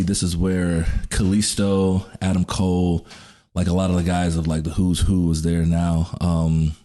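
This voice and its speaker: A man talking casually as a podcast guest, telling stories with lots of laughter and acted-out quotes. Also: low-pitched. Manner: animated storyteller, laughs often, acts out quotes. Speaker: podcast guest, pro wrestler. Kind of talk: casual chat.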